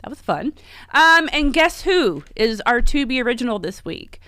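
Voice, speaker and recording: A woman hosting a casual live stream, chatty and rambling, full of fillers and quick self-corrections. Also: a little high, very animated, bright, forceful tone, no echo, studio quality. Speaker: livestream host. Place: home in Las Vegas.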